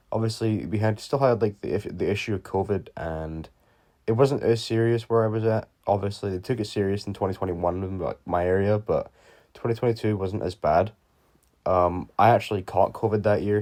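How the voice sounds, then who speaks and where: A man's voice: lowish voice, a little mellow. A young man telling a story time video in a casual, rambling way, full of fillers and swearing. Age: young adult. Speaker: YouTuber.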